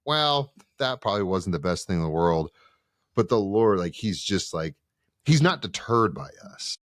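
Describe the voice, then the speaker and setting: A seminarian talking in a casual podcast chat, telling stories with lively acted-out dialogue. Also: male voice, fairly low pitch, normal speed, dry recording, clean studio sound. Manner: animated storyteller who acts out quoted dialogue.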